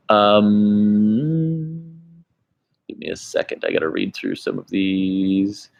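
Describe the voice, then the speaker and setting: Man, American, fairly low voice, rambling livestream chat, dull lo-fi sound. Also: animated, very slow, gravelly, darkish tone. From United States. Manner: rambling, chatty, restarts, laughs between thoughts. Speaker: travel vlogger. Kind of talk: casual livestream chat reading comments.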